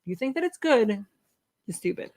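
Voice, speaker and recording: A woman's voice: high voice, big pitch swings, a little fast, darkish tone. A woman co-hosting a casual live stream, ranting bluntly and swearing freely. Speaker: co-host.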